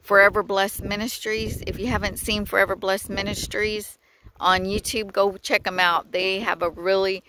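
A woman from Texas talking earnestly about her faith in a casual outdoor vlog, a little out of breath, with pauses and soft laughs. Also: medium pitch, little pitch movement, noisy background. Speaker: vlogger. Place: outdoors by the water at sunset.

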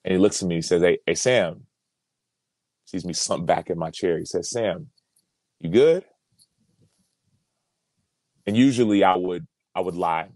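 A man's voice: low-pitched, moderate pace, a little mellow, dry recording. A man in his thirties, a former pro football player, telling a personal story as a podcast guest in an earnest, reflective way, often repeating words as he builds a thought.

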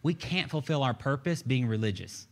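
A man's voice: medium pitch, lively intonation, moderate pace. A man preaching a sermon as pastor, folksy and conversational, with rising bursts of emphasis. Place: church sanctuary.

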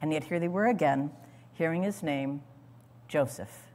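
A woman teaching a sermon on scripture, dramatic and expressive, acting out the lines she quotes and calling for the next slide. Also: low-pitched, normal speed. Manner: speaks to an audience, calls for slides. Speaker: Bible teacher. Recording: long hall reverb.

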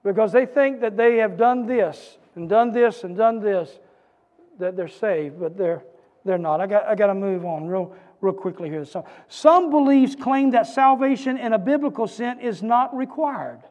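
A man preaching a sermon as pastor, with a repetitive, building cadence that rises to shouts. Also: high voice, normal speed, lo-fi sound. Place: church sanctuary. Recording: church hall reverb.

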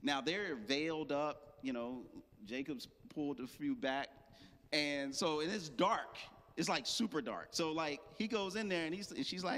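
A man's voice: fairly high pitch, unhurried, fairly bright tone. A man preaching a sermon as pastor, casual and joking with slang asides. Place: church. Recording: long hall reverb.

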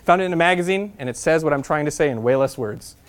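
A man in his thirties from Nebraska, telling a lively travel story as a guest speaker to a class, repeating a refrain and acting out the voices he quotes. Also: a little high, fast talker. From Nebraska, USA. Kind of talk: storytelling lecture to students.

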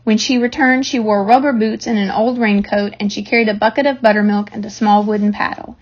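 A woman reading a children's novel aloud in a steady storytelling manner, on a dull lo-fi recording. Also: medium pitch, a little fast. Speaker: reader.

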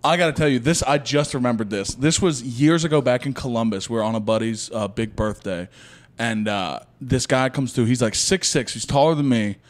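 A man's voice: medium pitch, fairly quick. A man, a comedian guest on a podcast, telling stories in a laid-back, joking way with laughs in between. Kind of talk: casual podcast storytelling.

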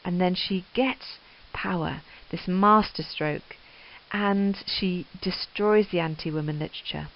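A woman's voice: lowish voice, unhurried. A woman teaching English literature, reading Middle English verse aloud and explaining it with enthusiastic emphasis. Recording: dull lo-fi recording.

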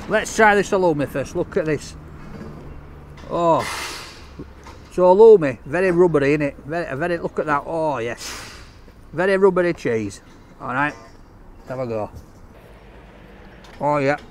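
Male food vlogger, jokey and upbeat, slightly high voice, recorded outdoors. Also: a bit bright, a little hiss or hum. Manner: chatty, enthusiastic, jokey. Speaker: takeaway reviewer. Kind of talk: casual food review vlog.

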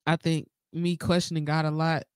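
A woman co-hosting a podcast, talking haltingly and emotionally in a casual heartfelt conversation. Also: deep voice, flat delivery, clear, resonant tone, dry recording. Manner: halting, emotional, fillers and restarts. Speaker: podcast co-host.

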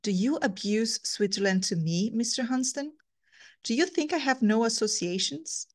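A woman's voice: fairly high pitch, animated, normal speed. A woman reading aloud as a proud young Swiss-English woman, in earnest, indignant rebuttals.

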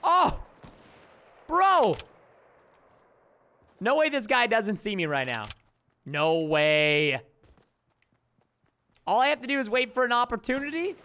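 A man's voice: high-pitched, sing-song, moderate pace, long pauses, sharp tone, clean tone. A young man giving chatty, mock-grumbling commentary while playing a video game. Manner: chatty, mock-grumbling, joking asides to viewers. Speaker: gaming YouTuber. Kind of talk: casual gameplay commentary.

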